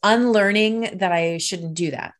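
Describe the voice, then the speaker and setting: A woman co-hosting a podcast, chatting casually and warmly affirming her co-host. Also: medium pitch, a little slow, a little hiss or hum. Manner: enthusiastic, warm and affirming. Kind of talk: casual chat.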